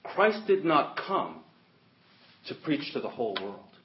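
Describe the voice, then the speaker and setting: A man's voice: medium pitch, sing-song, takes it slowly, a little hiss or hum. A man preaching an expository sermon, emphatic, repeating and stressing his points. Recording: dull lo-fi audio recording.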